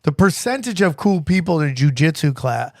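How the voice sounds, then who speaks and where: A man's voice: a little high, very animated, a little fast, darkish tone, no room sound, clean studio sound. A male podcast host chatting casually, often stammering and restarting sentences.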